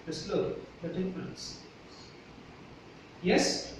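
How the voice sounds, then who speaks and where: A man's voice: fairly high pitch, moderate pace. A man with a Bangladeshi English accent lecturing a university class, emphatic and often checking in with students. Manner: emphatic, repeatedly checks "Yes? Clear?" with students. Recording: echoey classroom from far off, faint hiss.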